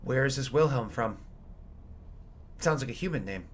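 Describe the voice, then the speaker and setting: A man's voice: medium pitch, animated, normal speed, a little hiss or hum. A man running a tabletop game as game master, narrating in an easygoing, meandering way.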